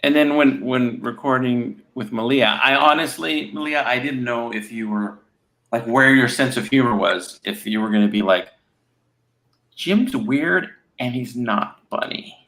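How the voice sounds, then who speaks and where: A man's voice: mid-range voice, measured pace, fairly bright tone. A man as a podcast guest, a comic creator chatting casually and joking as he rambles. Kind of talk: casual chat.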